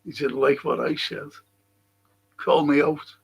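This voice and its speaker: A man's voice: medium pitch, steady tone, unhurried, creaky, slightly rough, poor audio. A man hosting a casual livestream chat, reading out viewer comments and ranting bluntly with plenty of swearing. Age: older.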